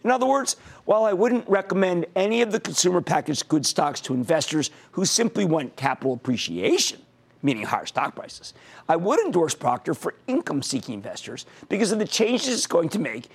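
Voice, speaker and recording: A man's voice: a little high, big pitch swings, a little fast, vocal fry, husky. A man hosting a stock market TV show, losing his voice, giving emphatic, punchy commentary straight to viewers. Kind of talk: energetic financial TV commentary.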